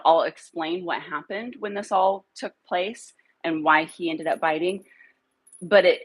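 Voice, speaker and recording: A woman who trains dogs chats loosely on a live stream from her home, stopping now and then to call her dogs. Her voice sits on the low side with a husky, breathy edge. The recording is close and dry. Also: dry recording, rough recording. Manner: rambling, calls her dogs in a high coaxing voice. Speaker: dog trainer. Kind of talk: casual live stream talk. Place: home room with a computer.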